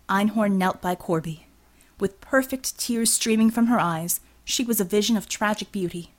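A woman reading an action novel aloud as audiobook narrator, steady and expressive. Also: medium pitch, moderate pace. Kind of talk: scripted narration.

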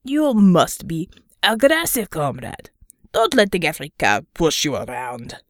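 A blustering male bear with a thick Russian accent and broken English, as a woman reader puts him on. He talks loud and slow, pushing his points in an audiobook. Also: medium pitch, big pitch swings, gravelly, no room sound, clean studio sound, heavily acted. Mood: pushy.

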